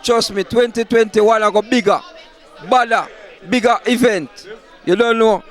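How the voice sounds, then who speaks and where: A man with a Jamaican accent giving excited shout-outs as an interviewer at a party. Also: sits high, measured pace, a faint crowd. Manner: excited, hyping. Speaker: event interviewer. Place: outdoors at a party.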